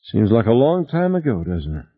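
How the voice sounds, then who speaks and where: A man's voice: on the low side, big pitch swings, normal speed, dry recording, voice pushed up. A male reader voicing an anxious woman scientist with a wry, nervous way of talking. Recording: tinny phone-like sound.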